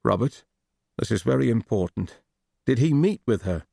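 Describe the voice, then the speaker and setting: A man voicing a male police detective who asks measured, probing questions in an audiobook. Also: medium pitch, animated, vocal fry, dark tone, husky, dry recording, studio quality, heavily acted.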